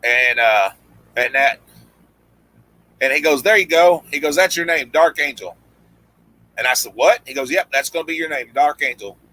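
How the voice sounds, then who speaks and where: A man's voice: mid-range voice, moderate pace, pauses often, bright, forceful tone, dry recording, poor audio. A man telling a long story in casual chat, rambling with restarts and acting out what others said. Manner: rambling, many restarts, acts out quoted lines. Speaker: guest storyteller, former pro wrestler.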